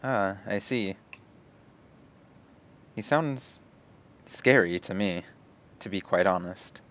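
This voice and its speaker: A man voicing a gentle, proper woman cleric. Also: fairly low pitch, slow pace. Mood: polite concern. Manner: soft, concerned, proper phrasing. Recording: muffled lo-fi recording.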